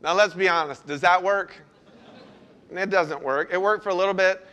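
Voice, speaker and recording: Man, pastor, sermon, animated storytelling, high-pitched, bright tone. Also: moderate pace.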